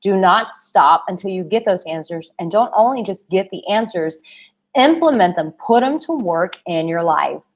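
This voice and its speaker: A woman's voice: lowish voice, lively intonation, normal speed. A young woman coaching on a live stream Q&A, affectionate and emphatic, calling viewers babe. Her voice is going. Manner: emphatic, repeats herself. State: losing her voice. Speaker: dating and relationship coach. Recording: dull lo-fi livestream audio.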